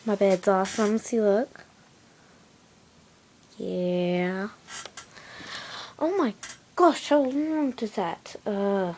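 A woman's voice: mid-range voice, extremely slow, pauses often, a little mellow, slight background noise. A woman rambling casually in a home vlog, recorded on a handheld music player, often dropping into whispered asides. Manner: chatty, drifts into whispered asides. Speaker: new video maker. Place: at home near her bed. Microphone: handheld music player camera.

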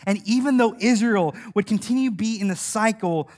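A man's voice: high-pitched, brisk, darkish tone. A male preacher delivers a sermon with plenty of energy and humor. He laughs as he tells the stories and acts out the voices he quotes.

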